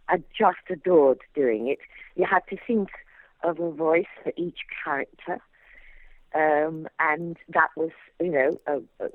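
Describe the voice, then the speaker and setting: An older woman with a received pronunciation accent, telling stories as an actress guest in an interview, animated and quick to drop into character voices. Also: sits low, no echo. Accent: English received pronunciation. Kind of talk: anecdotal interview chat. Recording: dry phone-like line.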